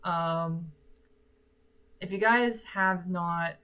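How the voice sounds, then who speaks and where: A woman with an American accent talks in a slightly low voice, hosting a relaxed livestream Q&A. She is chatty and pokes fun at herself as she answers viewers. She speaks from her room at home into a sock-covered mic. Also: drawn-out words, clean tone. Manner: chatty and self-deprecating. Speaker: singer and livestream host. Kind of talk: casual livestream Q&A. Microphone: sock-covered microphone.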